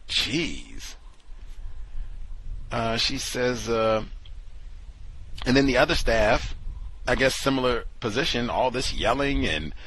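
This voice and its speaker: A man hosting a talk show and delivering sardonic, incredulous commentary, moving between low mutters and loud exclamations. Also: unhurried, husky, poor audio. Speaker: show host.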